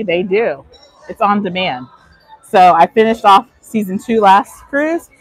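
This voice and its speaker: Breathy woman live-streaming while walking. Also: medium pitch, unhurried, no echo, rough recording. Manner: chatty, answers chat questions while walking. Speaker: vlogger. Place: aboard a cruise ship, indoor decks.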